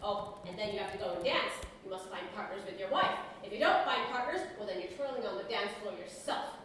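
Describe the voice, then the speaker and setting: A woman playing an overworked middle-aged husband, ranting through a theatrical comedy monologue that swings from loud to soft. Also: mid-range voice, a little fast, a little hiss or hum, lightly acted. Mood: weary complaining. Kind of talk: stage comedy acting. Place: theatre stage. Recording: echoey stage recording from far off.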